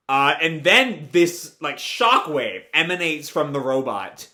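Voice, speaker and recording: A man's voice: on the high side, expressive, slow, sharp tone. A man casually recapping a comic chapter in a live reaction video, talking with many fillers and restarts. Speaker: video creator.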